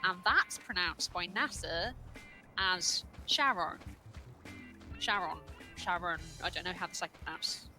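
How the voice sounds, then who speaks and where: A woman's voice: lowish voice, normal speed, pushed and bright, poor audio. A woman co-commentating a game speedrun in a chatty way, laughing often and asking curious questions. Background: game music.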